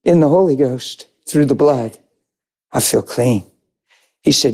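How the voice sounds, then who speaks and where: A man preaching as a pastor, telling a story with a shift from hushed talk to shouted praise. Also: mid-range voice, unhurried, pauses often, husky. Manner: animated, swings from shouting to hushed. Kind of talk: sermon storytelling.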